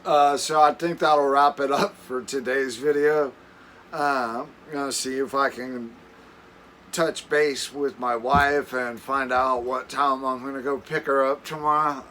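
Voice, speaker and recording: A man's voice: medium pitch, steady tone, unhurried, bright, forceful tone, a little hiss or hum. Chuckling rambling man telling camp stories. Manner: rambling, chuckling, many restarts. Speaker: camping vlogger. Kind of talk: casual storytelling. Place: camper.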